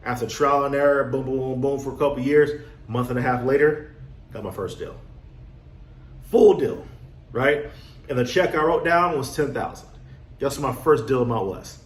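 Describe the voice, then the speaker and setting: A man coaching on real estate wholesaling in a casual motivational talk, acting out his own past with lively energy. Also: mid-range voice, a little fast. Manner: animated storyteller, acts out his younger self. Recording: echoey room, faint background noise.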